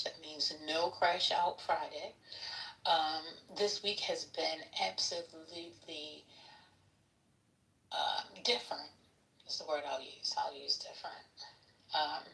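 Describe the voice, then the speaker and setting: A woman hosting a live audio chat, relaxed and chatty, sending well-wishes to listeners. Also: fairly low pitch, reverberant, distant mic, rough recording. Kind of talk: casual chat.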